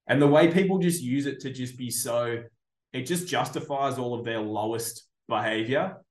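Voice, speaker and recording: A man hosting a podcast, talking in a blunt, profane, animated way in casual chat. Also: mid-range voice, moderate pace, reverberant. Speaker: podcast host.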